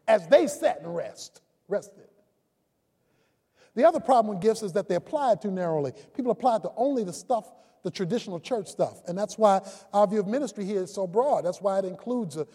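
Pastor, male, emphatic sermon delivery, swooping pitch, leaning hard on key words. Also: husky. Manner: emphatic preaching, rising to shouts on key words. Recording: long reverb of a large hall.

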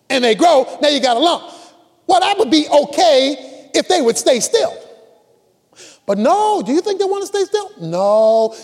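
Male pastor, emphatic repetitive sermon delivery, very lively pitch. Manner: emphatic preaching with repetition and call-and-response. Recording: long reverb of a large hall.

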